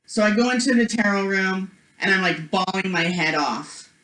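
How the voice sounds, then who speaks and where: A woman's voice: medium pitch, steady tone, normal speed, a bit bright. A woman presenting a spiritual workshop, telling a personal story in a chatty way, full of "like" and "you know", acting out the voices of the people in it. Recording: echoey room.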